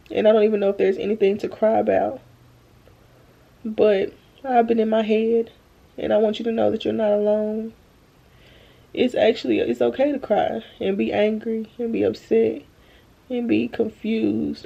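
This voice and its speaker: A drained young woman vlogs from her bedroom at home, recorded on a phone camera that leaves the sound muffled. Her gravelly voice sits on the high side as she speaks earnestly, slowly and haltingly to "y'all," holding back tears in an emotional, faith-filled talk.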